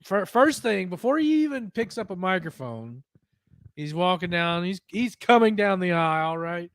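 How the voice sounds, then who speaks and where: A male podcast host in casual chat, with a slightly high voice. He stumbles and restarts his words often. The sound is dry and close. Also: sing-song, normal speed, no room sound. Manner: stammers and restarts a lot.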